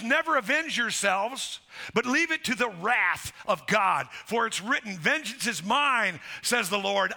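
Gravelly high-voiced pastor preaching. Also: male voice. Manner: direct, exhorting, quotes scripture. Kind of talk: sermon. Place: church sanctuary. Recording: music under the voice. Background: band playing softly.

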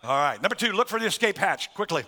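A man's voice: sits high, very animated, fast. Emphatic middle-aged male preacher. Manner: emphatic, swings between loud stresses and soft asides; preaches in lists with chuckles. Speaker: pastor. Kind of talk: sermon.

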